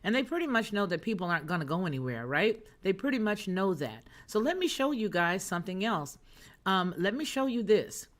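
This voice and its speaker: A woman's voice: mid-range voice, big pitch swings, brisk. A woman hosting a news and chat livestream, talking to her viewers in a sassy, emphatic way as she reads their comments. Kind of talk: casual chat, reading chat comments.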